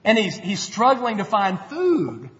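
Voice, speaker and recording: A man's voice: high voice, wildly swooping pitch, unhurried, a bit bright. A man preaching a sermon as a pastor, earnest and conversational, acting out quotes as he goes. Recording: dull lo-fi sound with long hall reverb.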